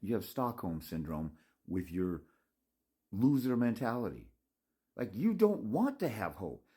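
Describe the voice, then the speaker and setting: A man's voice: lowish voice, very animated, a little slow, warm tone. A man ranting to his viewers in a blunt, scolding, profane monologue, rambling with restarts and mocking asides. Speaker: father's rights consultant.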